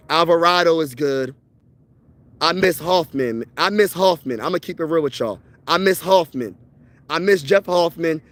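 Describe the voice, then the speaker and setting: Worked-up man ranting about baseball. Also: on the high side. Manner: worked-up, repetitive, slangy, says "bro" a lot. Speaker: sports fan vlogger. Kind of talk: casual sports rant.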